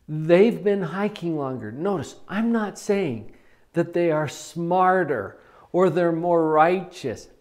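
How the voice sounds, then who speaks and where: A man giving a motivational talk to teenagers as a parenting coach, animated and full of rhetorical questions. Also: on the high side.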